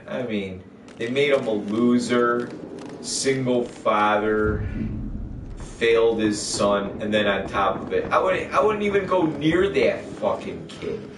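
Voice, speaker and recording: Male game streamer, mid-pitched, rambling and foul-mouthed, heard from a distant mic in an echoey room with background hiss. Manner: rambling, profane, opinionated. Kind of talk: casual gaming livestream chat.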